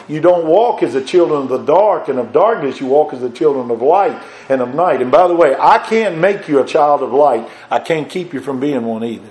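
An older man preaching a sermon, moving from soft conversational asides to loud, fervent bursts. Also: mid-range voice.

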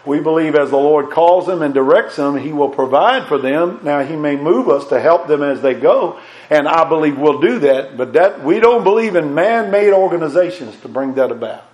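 A man preaching a sermon, fervent and emphatic, repeating words and swinging between raised and hushed delivery. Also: fairly high pitch, animated, normal speed, low-quality recording.

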